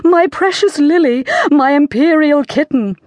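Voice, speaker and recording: A woman voicing a fussy, excitable little chess queen in a storybook, crying out in breathless, dramatic exclamations. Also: high-pitched, measured pace, no echo, pitched above the performer's own voice. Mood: frantic.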